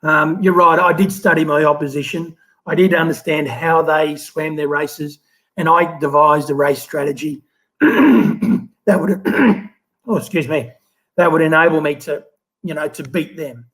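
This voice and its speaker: A man in his fifties with an Australian accent, telling stories in a relaxed interview with lots of fillers and restarts. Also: on the high side, a little slow, low-quality recording. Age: 50s. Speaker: guest, former Olympic swimmer. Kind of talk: casual interview storytelling.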